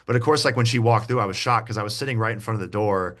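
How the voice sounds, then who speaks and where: A man with a fairly low voice chats casually as a podcast guest, circling back and restarting his sentences as he goes. He sounds like someone in his thirties, relaxed and talkative, and often acts out both sides of a conversation. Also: rapid-fire. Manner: rambling, many restarts and fillers. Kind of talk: casual interview chat.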